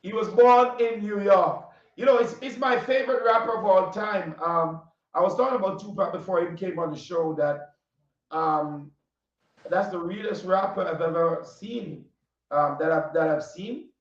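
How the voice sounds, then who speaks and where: A man with a Caribbean accent hosting a casual interview, animated, often laughing and repeating his questions. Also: high-pitched, moderate pace. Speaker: interview host. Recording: distant, roomy, dull audio.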